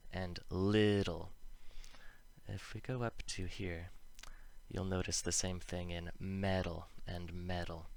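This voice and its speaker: A man's voice: low-pitched, no room sound. A man teaching English pronunciation, explaining patiently and stressing each example word with care. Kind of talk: explanatory lesson with slow example words.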